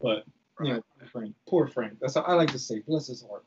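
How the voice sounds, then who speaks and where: A man's voice: mid-range voice, moderate pace, dull audio. A man telling a story in casual, profane talk, acting out the lines he quotes. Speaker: podcast guest recounting reality TV.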